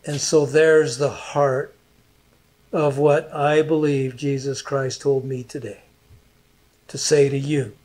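A middle-aged man preaching a sermon as a pastor, earnest and emotional, with long pauses. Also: mid-range voice, level tone, darkish tone.

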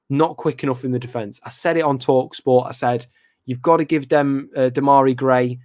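A man's voice: mid-range voice, a little mellow, no echo, studio quality. Chatty young male football fan host. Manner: rambling, hesitant, lots of ums and restarts; talks to viewers in the live chat by name. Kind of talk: casual live fan reaction chat.

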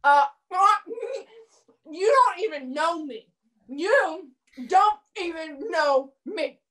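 A woman plays a drunk young woman from Georgia, her Southern drawl slow and slurred. She is prickly and smug, and her high voice swings widely as she lingers over every word. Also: lively intonation, a bit bright, heavily acted, low-quality recording. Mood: belligerent. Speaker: actor. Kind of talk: amateur drama over video call.

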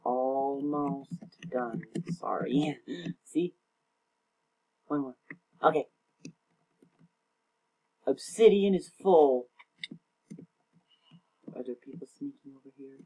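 A young man with a breathy, slightly husky voice talks his way through a game. His chatter is rambling and self-mocking, full of stumbles and restarts. His pitch sits in an ordinary middle range. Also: fairly even intonation, slow pace, long pauses, a little mellow. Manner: rambling, self-mocking, often tongue-tied. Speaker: gaming channel host. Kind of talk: casual gameplay commentary.

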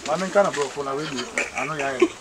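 A man's voice: fairly high pitch, fast talker, a crowd in the background. Male tour guide explaining outdoors. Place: outdoors in a forest sanctuary.

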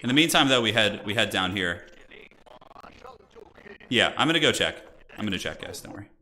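A man's voice: on the low side, animated, brisk, sharp tone. Chatty man narrating his strategy game. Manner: chatty, thinks aloud, frequent restarts. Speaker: streamer playing a strategy game. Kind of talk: casual gameplay commentary.

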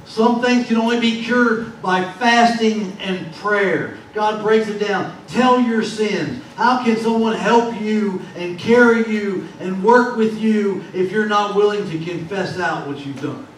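A man's voice: sits high, slow, hardly any pauses. A man preaching a sermon as pastor, in a folksy, repetitive preaching cadence. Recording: very echoey hall, distant mic, faint noise.

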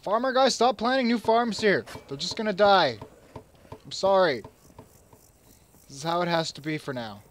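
A young man talks over his strategy game with a high-pitched, lively voice. He swings from loud, excited orders and playful royal speeches to quiet muttering to himself. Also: moderate pace, long pauses, slight background noise. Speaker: gamer. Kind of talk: let's play commentary.

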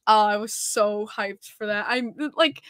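A woman co-hosting a hockey podcast in casual chat, excitable and laughing often. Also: medium pitch, a little slow, smooth, no room sound, studio quality. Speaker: podcast co-host.

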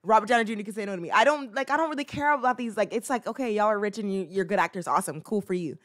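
A woman's voice: mid-range voice, rapid-fire. A woman chats casually as a show host, reacting to a clip. She rambles, restarts her sentences and acts out playful little scenes. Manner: rambling, chatty, many fillers and restarts.

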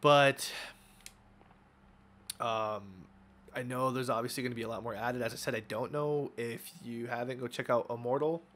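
A young man giving casual, excitable commentary over his own gameplay, swearing often and trash-talking opponents. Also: medium pitch, moderate pace, pauses often. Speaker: gaming YouTuber.

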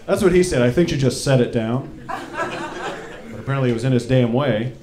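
Lively young man doing stand-up. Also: mid-range voice, moderate pace. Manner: animated storytelling, acts out his dad's lines and shouts. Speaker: stand-up comedian. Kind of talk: stand-up comedy set. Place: stage in a hall before a live audience. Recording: echoey hall with crowd. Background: audience laughter.

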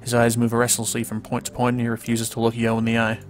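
A man reading a visual novel's text aloud in a flat, even way, with casual asides and small stumbles. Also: mid-range voice, fast talker. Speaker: let's play commentator. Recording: faint music underneath.

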